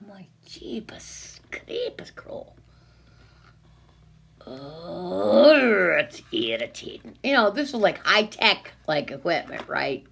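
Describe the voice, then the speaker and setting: A woman records a rambling monologue aimed at invisible skeptics, sarcastic and worked up, moving from whispers to angry bursts. Her voice is medium-pitched, gravelly and husky, with a bit of brightness.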